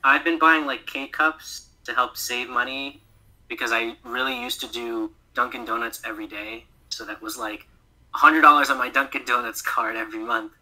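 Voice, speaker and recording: A man's voice: medium pitch, steady tone, moderate pace, sharp tone, low-quality recording. A man, a guest voice actor, chatting casually on a podcast, laughing often and filling his speech with "like".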